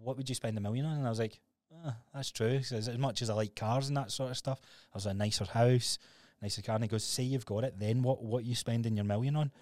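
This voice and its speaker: A man's voice: mid-range voice, steady tone, quick pace, a little mellow, no echo, clean studio sound. A Scottish man in his thirties co-hosting a podcast, telling his story in a candid, sweary, casual way. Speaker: podcast co-host.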